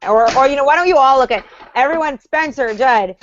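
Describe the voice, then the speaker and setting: Woman host, higher voice, chatty and restarting, dull lo-fi call audio. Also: brisk, slight background noise. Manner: chatty, leads the talk, restarts often. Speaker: livestream co-host. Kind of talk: casual group chat about a reality show.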